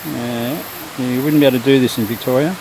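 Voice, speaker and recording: A man giving relaxed, low-key commentary to the camera as he walks a garden trail beside a stream. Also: fairly quick. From Australia. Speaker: vlogger. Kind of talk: casual walking commentary. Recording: outdoor noise, running stream behind.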